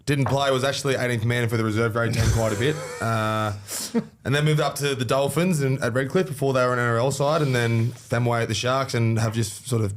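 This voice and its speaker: Footy player on a podcast panel, dry and teasing, ordinary mid pitch. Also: male voice, fairly quick. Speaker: podcast co-host, rugby league player. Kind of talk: casual chat.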